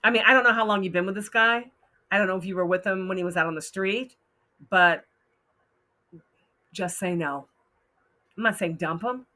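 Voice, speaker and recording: A woman's voice: medium pitch, fast talker, pushed and bright. A woman hosting a casual advice talk, frank and blunt, often laughing as she reads out posts. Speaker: host giving advice.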